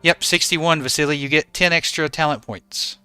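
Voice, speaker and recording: Bright, clear-voiced man streaming with chat. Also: on the high side, fairly even intonation, normal speed, no room sound, faint music behind. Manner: easygoing, greets and thanks chatters by name. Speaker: game streamer. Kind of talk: live stream chat with viewers. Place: home in regional Australia.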